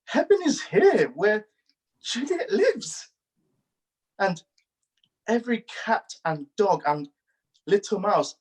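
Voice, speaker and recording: A despairing young lover in Shakespearean verse, sight-read by a man. The voice is husky and the delivery halts carefully through each line. It sounds like it was recorded on a video call. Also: high-pitched, darkish tone, low-quality recording. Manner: halting, careful verse reading. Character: young lovesick man Romeo, banished and despairing. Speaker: acting workshop participant.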